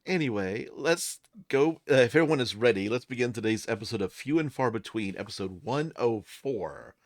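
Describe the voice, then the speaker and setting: A man's voice: medium pitch, lively intonation, moderate pace, dry recording, studio quality. Upbeat man hosting a tabletop game. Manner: upbeat, giggly. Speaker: game master.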